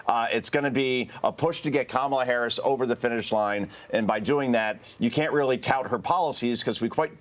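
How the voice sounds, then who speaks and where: A man commenting sarcastically as a guest on a morning news show, his voice sitting at an ordinary middle pitch. He fires off quick, pointed quips. The audio is slightly dull and lo-fi. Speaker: political commentator.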